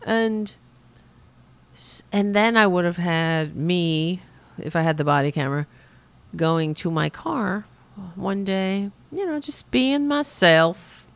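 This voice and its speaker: A woman hosting a livestream show, telling stories in a sarcastic, animated way with casual profanity. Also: lowish voice, slow, smooth. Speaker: show host.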